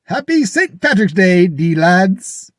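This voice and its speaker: A man voicing a sly leprechaun pitchman in an attempted Irish accent that comes out Jamaican, delivering a singsong rhyming sales pitch. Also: big pitch swings, slow pace, no room sound, clean studio sound, heavily acted. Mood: mischievous hype. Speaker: ad voice in a fan-made shirt commercial.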